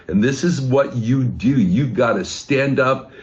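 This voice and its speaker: A man's voice: medium pitch, a little slow, highs cut off. A man giving a rambling, profane, rousing fundraising pep talk over a video call. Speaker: fundraising speaker.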